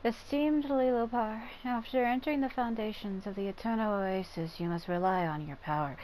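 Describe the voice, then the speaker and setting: A woman's voice: medium pitch, moderate pace, darkish tone, slight background noise, close to an everyday voice, low-quality recording. A woman voicing a stern desert clan matriarch. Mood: formal. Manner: formal, commanding. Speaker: tribe leader.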